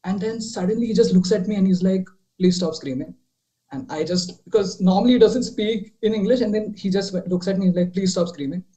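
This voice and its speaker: Young man telling a ghost story, mellow. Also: sits high, fast talker, few pauses, low-quality recording. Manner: rambling, many fillers and restarts, drops quieter while retelling. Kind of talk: casual storytelling on a video call. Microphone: video call.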